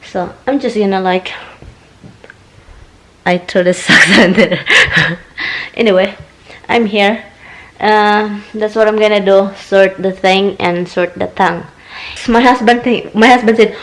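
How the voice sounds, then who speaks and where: A woman from the Philippines with a Filipino accent, chatting excitedly in a casual home vlog. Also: mid-range voice, rough recording. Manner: chatty, excitable, laughs often. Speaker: vlogger.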